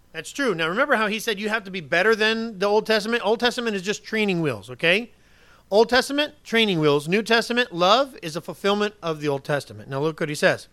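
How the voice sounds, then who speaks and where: Bright, dry-voiced preacher quizzing his congregation. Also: high voice, no echo. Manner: conversational preaching, asks the congregation questions; swings from loud emphasis to quiet asides. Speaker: pastor. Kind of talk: sermon.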